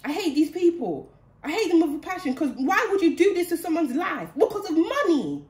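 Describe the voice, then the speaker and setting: A woman's voice: very high voice, expressive, brisk, a little mellow. A woman giving a channeled spiritual reading in an indignant, heated way, repeating phrases for emphasis. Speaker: spiritual card reader. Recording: roomy echo.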